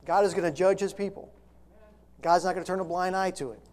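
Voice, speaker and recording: High-voiced preacher man. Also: fairly even intonation, fast talker, a little mellow. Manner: reads scripture, then preaches with rising intensity. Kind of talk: sermon.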